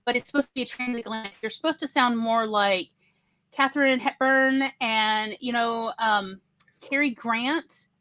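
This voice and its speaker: Chatty woman host, higher voice. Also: normal speed. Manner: animated, chatty, digressive. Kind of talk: casual panel chat.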